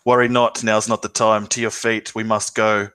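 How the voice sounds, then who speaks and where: A man's voice: fairly low pitch, level tone, moderate pace, pushed and bright, clear, resonant tone, no room sound. A man voicing a resolute male wood elf warrior in a tabletop role-play, speaking in formal, archaic phrasing. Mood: urgent.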